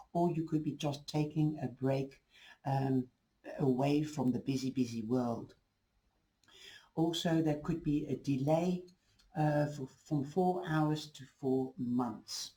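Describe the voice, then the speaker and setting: A man's voice: a little high, dark tone, low-quality recording. A man giving a casual, rambling tarot reading to camera, losing his voice. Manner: rambling, reassuring, restarts often. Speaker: tarot reader.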